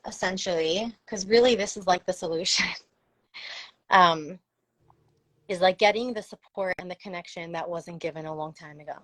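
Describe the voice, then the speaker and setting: A woman's voice: fairly low pitch, dry recording, poor audio. Earnest woman, dry close sound. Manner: earnest, reflective, frequent "like" fillers. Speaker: parenting and trauma support speaker. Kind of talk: casual live conversation.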